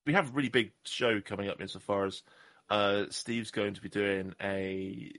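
Low-voiced rambling podcast co-host man. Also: steady tone, normal speed, fairly bright tone. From southwest England. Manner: rambling, self-mocking, joking. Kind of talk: casual podcast chat.

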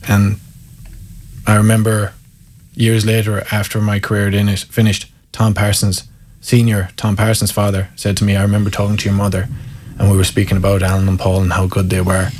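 A husky Irish man in his thirties, pitched low, telling self-mocking anecdotes. He spins his tales in a casual chat, laughing at himself. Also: monotone, brisk, a little mellow. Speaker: guest, former footballer. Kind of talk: casual storytelling.

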